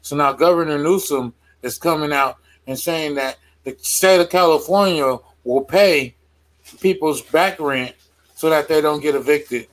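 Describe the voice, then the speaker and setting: A man's voice: medium pitch, poor audio. A man co-hosting a casual talk show, patiently explaining a news story step by step. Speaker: podcast co-host. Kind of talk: casual chat.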